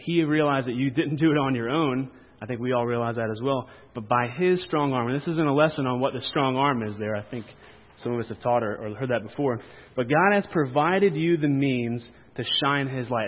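Man preacher, conversational sermon with playful asides, thin phone-like sound in a big reverberant hall. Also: mid-range voice. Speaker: camp preacher.

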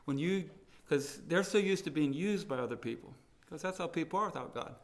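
A man preaching a sermon, telling stories and swinging between loud proclaiming and hushed pleading. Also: on the high side, lively intonation, fairly quick. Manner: storytelling with quoted dialogue.

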